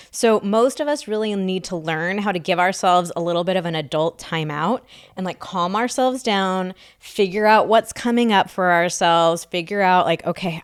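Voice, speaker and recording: A woman co-hosting a relationship advice podcast as a sex therapist, explaining in a lively, casual way with many fillers. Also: fairly low pitch.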